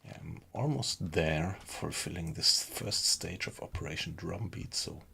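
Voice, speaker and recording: A man chatting casually with viewers while he plays a game live from his small home computer room, relaxed and unhurried. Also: low voice, creaky, breathy edge. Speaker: game streamer. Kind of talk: casual live-stream chat while playing.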